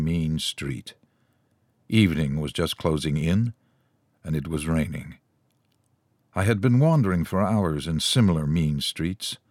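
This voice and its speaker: A man reading an audiobook in a measured, even storytelling manner. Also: very deep voice, no echo, studio quality. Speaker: audiobook narrator. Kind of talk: scripted narration.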